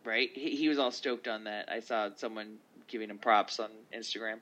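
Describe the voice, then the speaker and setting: A man co-hosting a casual podcast chat, reading down a list of nominees with quick asides. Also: on the low side, steady tone, sharp tone, low-quality recording. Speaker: podcast co-host.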